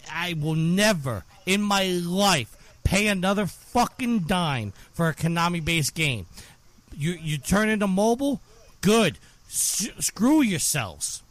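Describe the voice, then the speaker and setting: Furious high-pitched swearing man. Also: a bit bright. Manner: furious, heavy swearing, emphatic. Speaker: podcast co-host. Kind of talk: angry profane rant.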